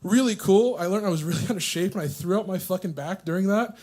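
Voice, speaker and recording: Young man, high-pitched, stand-up comedy, profane, self-mocking, nervous, stage mic. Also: fast talker, a little mellow. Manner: profane, self-mocking, laughs at own jokes. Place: coffee shop open mic.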